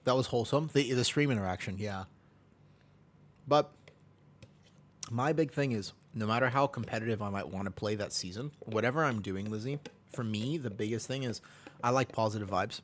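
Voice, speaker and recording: A man's voice: fairly low pitch, normal speed, slight background noise. Upbeat Midwestern man streaming games. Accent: American Midwestern. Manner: upbeat, joking, often laughing, chatting with viewers. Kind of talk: casual live-stream chat while gaming.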